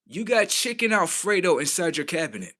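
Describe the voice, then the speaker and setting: On his livestream, a man rants through a story, animated and incredulous, cursing freely and quoting others in his own voice. He speaks fairly quickly with a high-pitched voice.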